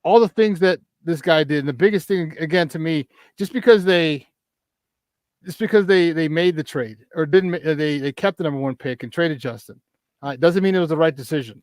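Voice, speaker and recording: A man's voice: fairly high pitch, no echo. A man hosting a sports talk show, chatting and rattling off season records, often restarting his sentences. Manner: conversational, rattles off stats, many restarts. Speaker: sports radio host.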